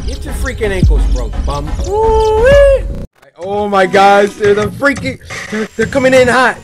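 A man giving hyped, trash-talking let's-play commentary on horror games, shouting catchphrases, with game music behind him. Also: high voice, sing-song, unhurried. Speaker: gaming YouTuber. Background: game music and sound effects.

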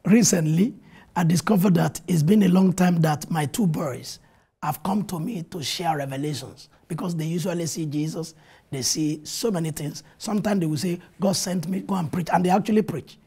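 A man's voice: a little high, normal speed, gravelly, dark tone, husky. A pastor telling his stories of faith in a TV interview, earnestly quoting scripture and retelling events with animation. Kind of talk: testimony in a TV interview. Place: TV studio.

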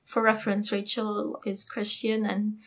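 A young woman telling a storytime vlog in an animated, emphatic way. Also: medium pitch, unhurried, slight background noise. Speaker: architecture YouTuber.

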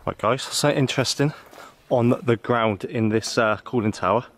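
A man casually narrating a travel vlog outdoors, chatty, excitable and jokey. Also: medium pitch, normal speed. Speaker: vlogger exploring abandoned places. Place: outdoors in an abandoned zone.

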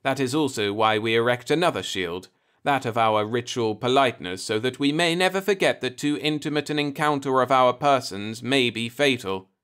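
A man reading the part of a polite, measured male alien in an audiobook, speaking with calm formality. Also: mid-range voice, clear, resonant tone, close to an everyday voice. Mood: politely calm.

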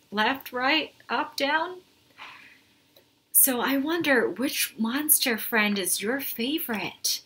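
A young woman, a music therapist, gently encouraging young children through a music lesson and singing along. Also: a little high. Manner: sings along with guitar.

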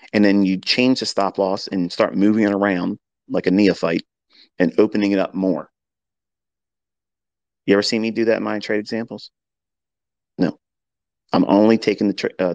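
A man's voice: sits low, creaky, dry recording. A man who teaches trading, giving an earnest lecture on a live audio chat and often repeating his points. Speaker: trading educator.

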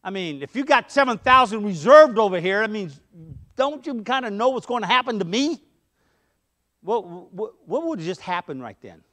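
A man with a high voice preaches a sermon in a church. His delivery feels conversational, with stories from his own life worked in between the points. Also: expressive, normal speed, fairly bright tone. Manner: conversational preaching with storytelling asides. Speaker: pastor. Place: church sanctuary.

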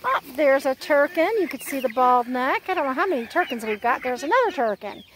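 A woman's voice: sits high, animated, a little fast, noisy background. A woman giving a casual walk-and-talk tour of her homestead, chatting to her animals. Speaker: homesteading vlogger. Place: outdoors on a homestead with poultry.

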